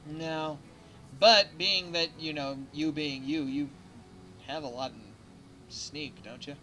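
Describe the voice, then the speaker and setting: A man running an online tabletop game as game master, reading rules aloud haltingly and laughing often. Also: on the high side, fairly even intonation, sharp tone, slight background noise.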